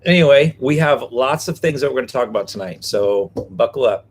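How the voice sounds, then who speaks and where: A man's voice: medium pitch, expressive, brisk, husky. A man co-hosting a live stream from a parked vehicle, talking casually and playfully, joking with viewers. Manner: playful, jokey, rhyming name games. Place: parked vehicle behind a restaurant.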